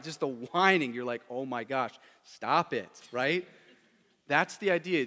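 Animated high-voiced pastor preaching in a hall. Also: male voice. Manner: conversational, animated preaching with rhetorical questions. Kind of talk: sermon. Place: church sanctuary.

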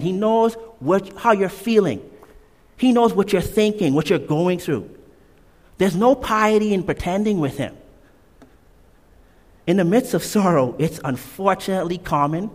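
In a big hall with long, ringing reverb, a man delivers a sermon with emphatic energy. His slightly high voice swoops up and down as he repeats his main points and drops in casual asides.

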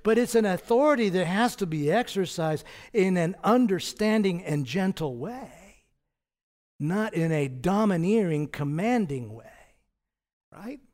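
A man preaching a sermon in a conversational way, asking his listeners rhetorical questions and laughing softly now and then. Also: high voice, lively intonation, a little slow. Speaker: pastor.

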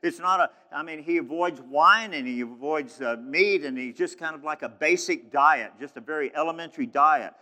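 A man's voice: on the high side, normal speed, hardly any pauses, bright, forceful tone. A man preaching a sermon in a fervent, emphatic way, often restarting his phrases. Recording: long hall reverb.

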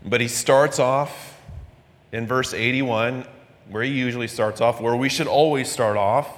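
A man preaching a midweek sermon, earnest and conversational, acting out quoted voices with a rising pitch. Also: steady tone, unhurried, long reverb tail. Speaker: pastor.

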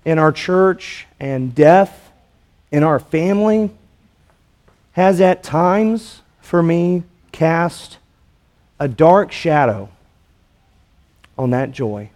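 A man preaching a sermon as pastor, in a measured way with rhetorical questions to the congregation. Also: a little high, expressive, darkish tone.

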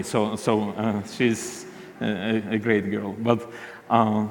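Halting man. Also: on the low side, level tone, long reverb tail. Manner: halting, frequent restarts and fillers. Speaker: ministry leader. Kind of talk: storytelling talk.

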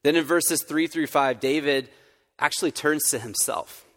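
A man's voice: a little high, normal speed, a bit bright. A man, a campus minister, giving a sermon in an earnest, conversational way with frequent restarts. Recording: long reverb of a hall.

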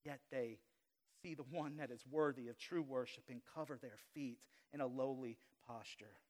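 A man from Louisiana preaching a live sermon as pastor to a congregation in a church, with dynamic swings between loud emphasis and quiet asides, and humorous confessional remarks. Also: mid-range voice, moderate pace. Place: church sanctuary before a congregation.

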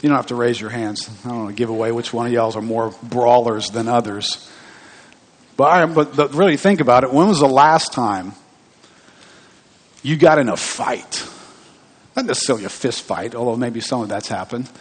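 A male pastor preaches in a casual, questioning way, speaking at a middle pitch. His voice rings out with a long reverb from the church hall around him. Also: moderate pace. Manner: conversational preaching, asks the congregation questions. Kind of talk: sermon. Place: church sanctuary.

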